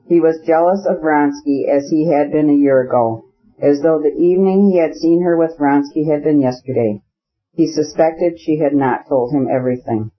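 A man reading a classic novel aloud as an audiobook narrator, measured and even. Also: on the high side. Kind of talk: scripted narration. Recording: slightly muffled audio.

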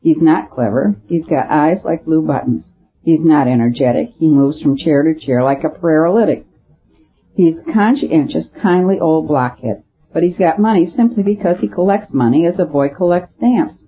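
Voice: mid-range voice, animated, normal speed, slightly rough. A reader voicing a scornful young Italian poet. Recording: tinny phone-like audio.

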